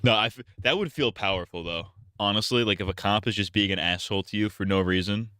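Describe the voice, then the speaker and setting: A man's voice: on the low side, quick pace, pushed and bright, smooth, no room sound. A man streaming and reacting to a video with skeptical, sarcastic commentary on a close mic.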